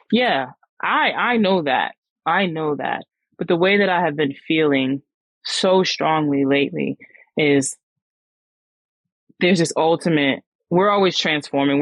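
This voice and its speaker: A woman's voice: sits low, no echo, rough recording. A woman hosting a podcast, telling a personal story in a candid, slangy way with frequent restarts. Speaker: podcast host.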